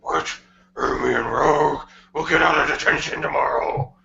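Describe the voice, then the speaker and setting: A bitter teen hedgehog, screamy gravelly throat voice, highish, echoey dull lo-fi room with noise. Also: male voice, normal speed. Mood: anguished.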